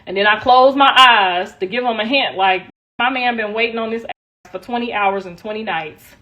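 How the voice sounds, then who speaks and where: A woman's voice: on the high side, normal speed, sharp tone, muffled recording. A middle-aged woman chatting casually on a livestream, laughing often, her voice worn out.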